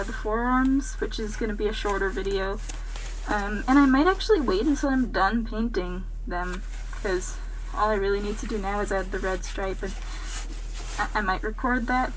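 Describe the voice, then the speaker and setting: A woman's voice: a little high, a little hiss or hum. A teenage girl narrating her cosplay build in a casual, unscripted vlog, rambling with lots of "um"s and poking fun at herself. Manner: rambling, unscripted, self-deprecating with frequent "um". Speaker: cosplay vlogger.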